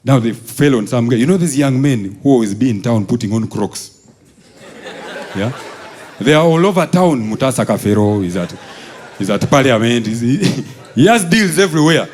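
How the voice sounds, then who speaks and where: Brief: young Ugandan man doing stand-up, lively storyteller who acts out characters. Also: mid-range voice, moderate pace. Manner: animated storytelling, acting out characters, laughing. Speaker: stand-up comedian. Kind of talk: stand-up comedy set.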